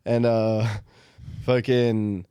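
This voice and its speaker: A man's voice: medium pitch, extremely slow, clear, resonant tone, dry recording. Male podcast co-host, casual street tales, swears and laughs, dry close sound. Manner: animated, profane, laughing storyteller. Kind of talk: casual storytelling.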